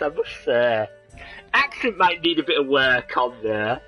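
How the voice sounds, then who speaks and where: Chatty streamer, lively voice. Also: male voice, mid-range voice, measured pace. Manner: rambling, joking asides. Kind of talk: casual game commentary. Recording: voice over game music.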